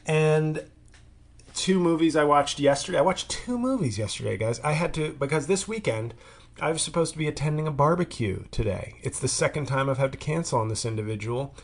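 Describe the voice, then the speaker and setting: A man's voice: on the high side, animated, a little fast, gravelly. A man in his thirties hosting a podcast, telling a rambling, crude, self-mocking comic monologue. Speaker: podcast host. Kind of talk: casual comedic monologue.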